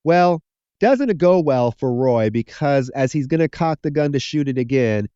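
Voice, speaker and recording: Smooth mellow male podcast co-host. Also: medium pitch, moderate pace, no room sound, muffled recording. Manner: profane, animated plot retelling with acted quotes. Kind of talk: casual film recap chat.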